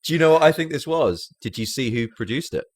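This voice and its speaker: A man's voice: mid-range voice, animated, fast, dry recording. A man co-hosting a casual film podcast, chatty and retelling scenes with quoted lines. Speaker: podcast co-host. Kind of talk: casual film-review chat.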